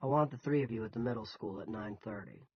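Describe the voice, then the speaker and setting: A man's voice: fairly low pitch, quick pace, dull audio, a little hiss or hum, close to an everyday voice. A man voicing a blustering middle-aged male town boss who gives commanding, scoffing, folksy orders. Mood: bossy.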